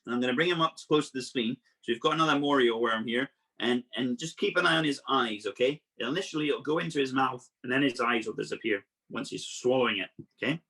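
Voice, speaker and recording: Husky-voiced man presenting animals playfully. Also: mid-range voice, quick pace, few pauses. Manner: lively, playful explaining with frequent asides. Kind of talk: live online animal workshop for children. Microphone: video call.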